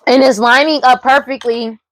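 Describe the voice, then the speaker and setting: A woman's voice: sits high, steady tone, normal speed, fairly bright tone, no echo. A woman giving a casual tarot reading, talking emphatically and repetitively with a lot of profanity and frequent laughs. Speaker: tarot reader.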